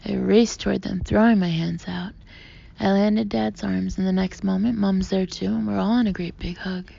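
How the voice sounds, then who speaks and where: A woman narrating an audiobook in the first person, expressive, often sinking to a breathy half-whisper. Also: medium pitch, moderate pace. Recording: muffled lo-fi audio with faint hiss.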